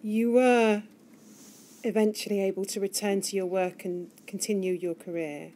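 A woman questioning a witness at a formal hearing, in a measured, gentle way. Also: medium pitch, fairly even intonation, a little hiss or hum. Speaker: inquiry counsel questioning a witness. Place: hearing room.

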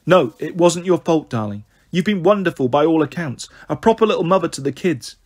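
A man reading a story aloud, voicing a flighty, chatty young mother with a breezy, cheeky manner and a husky voice. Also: on the high side, expressive, fairly quick.

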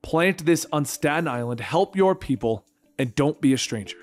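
Man reading a gentle heroine for a comic recap, quiet and pleading. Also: fairly high pitch, expressive, moderate pace, faint music behind, lightly acted. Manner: soft and pleading. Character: kind, gentle female mutant friend. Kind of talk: comic book story narration.

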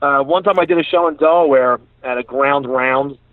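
A man's voice: mid-range voice, moderate pace, a little hiss or hum. A man with a Philadelphia accent, a comedian guest chatting casually and laughing through rambling stories, calling in from his truck. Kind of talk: casual chat. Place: inside his parked truck. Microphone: phone call. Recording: tinny dry phone line.

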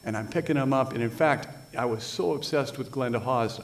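A middle-aged man from Washington State, an author telling stories and reading aloud at a live literary event in a dry, wry manner with deadpan punchlines. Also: mid-range voice, fairly quick, creaky. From United States (Washington State).

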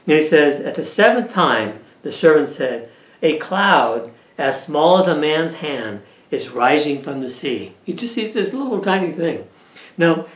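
A man teaching a Bible study lesson in a conversational way, often checking in with his listeners. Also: on the high side. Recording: echoey room.

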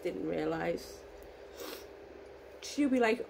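A woman with a hoarse voice, gushing excitedly and emotionally in a casual unboxing vlog. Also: mid-range voice, unhurried, slight background noise, rough recording. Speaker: vlogger.

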